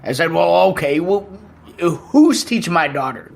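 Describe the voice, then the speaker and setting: A self-righteous middle-aged rock-star father rambles slowly through his stories, as a man puts on the impression. His voice is husky and drawling, and it rises and falls widely. He talks unhurriedly, full of pauses and bluster. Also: fairly high pitch, lively intonation, heavily acted. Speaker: podcast host. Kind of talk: comedic impression monologue.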